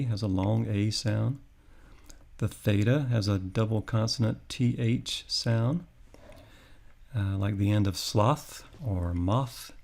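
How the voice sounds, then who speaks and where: A man teaching a lesson slowly and deliberately, spelling out each sound with care. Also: fairly low pitch, creaky, darkish tone. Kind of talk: slow, careful instructional lesson.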